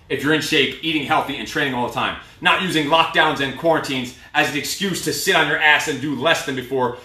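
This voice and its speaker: A man working as a fitness coach, cueing a live workout and giving a loud, blunt, profane pep talk. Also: a little high. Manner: loud, pushy, profane motivator. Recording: echoey room, mic at a distance.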